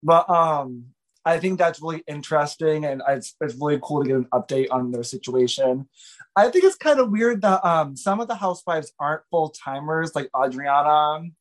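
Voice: medium pitch, expressive, normal speed. A podcast guest chatting casually and animatedly, with lots of fillers and laughter. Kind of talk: casual chat.

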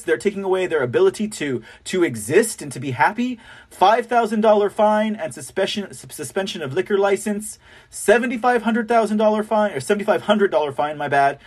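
Mocking high-voiced male commentator. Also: husky. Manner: scornful, mocking, repeats words. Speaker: host of political commentary show. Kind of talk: opinionated commentary.

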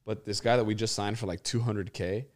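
A man's voice: lowish voice, fairly even intonation, fairly quick. A young man co-hosting a sports podcast, playful and teasing, swearing and joking with friends. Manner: playful, puts on silly voices. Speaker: podcast co-host. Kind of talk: casual sports podcast banter.

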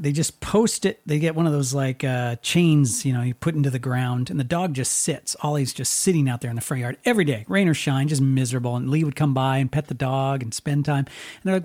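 A man, a radio DJ hosting a podcast, talking in a reflective, halting way and acting out the people in his story. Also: mid-range voice, darkish tone. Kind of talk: casual podcast conversation.

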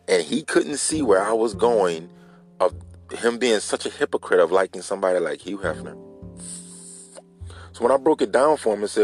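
A man's voice: lowish voice, expressive, normal speed, pauses often, faint music behind. A man hosting a casual solo podcast, telling a story in a loose, rambling way and talking straight to his listeners. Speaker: podcast host.

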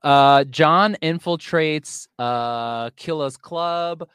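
A man's voice: on the high side, extremely slow, fairly bright tone, clean tone, no echo, clean studio sound. A man casually retelling a film plot as a podcast host, with lots of fillers and sarcastic asides. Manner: chatty, sarcastic, filler-heavy storytelling. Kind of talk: casual chat.

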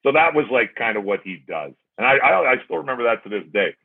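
Here the ex-hockey player's mid-range voice swings widely in pitch, coming out fast, gravelly and husky. He's a podcast guest swapping casual stories and replaying his old remarks, all over thin, phone-like audio.

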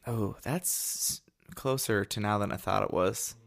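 A man's voice: lowish voice, measured pace, vocal fry, fairly bright tone. A man co-hosting a casual podcast, rambling and hesitant with lots of filler words. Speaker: podcast co-host. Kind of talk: casual chat.

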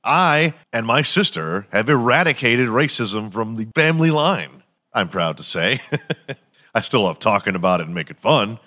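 A man's voice: medium pitch, big pitch swings, moderate pace, bright, forceful tone. A man hosting a podcast in a crude, mocking comedic rant, swearing freely and slipping into silly impressions. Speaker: podcast host.

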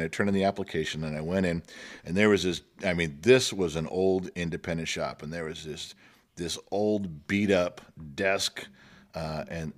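Man, middle-aged, very deep voice, relaxed storyteller, chuckles often, podcast mic. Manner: chuckles often, acts out quotes. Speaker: guest. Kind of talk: casual storytelling. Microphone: podcast microphone.

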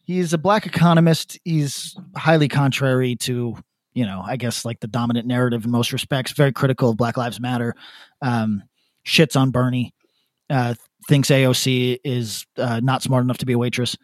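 A man co-hosting a podcast, animated and profane, laughing often in casual chat. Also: medium pitch, normal speed, no room sound, clean studio sound. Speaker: podcast co-host.

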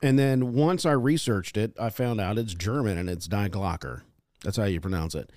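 A man's voice: on the low side, a little fast, darkish tone, no echo, studio quality. A man hosting a casual podcast, joking and rambling with his co-hosts. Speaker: podcast host.

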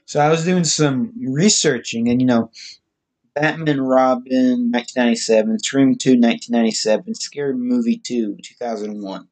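A man giving a casual, halting spoken movie review, listing facts with frequent restarts. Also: mid-range voice, fairly even intonation, darkish tone.

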